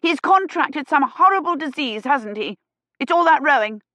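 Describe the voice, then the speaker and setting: A woman voicing a fussy, overbearing older woman who talks in a shrill, insistent way. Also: expressive, normal speed, bright, forceful tone, no echo. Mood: indignant.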